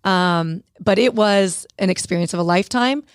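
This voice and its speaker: A woman, an author and guest on a radio show, telling lively stories and acting out the dialogue. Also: medium pitch, moderate pace, clean tone, no room sound, studio quality. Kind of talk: conversational interview storytelling. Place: radio studio.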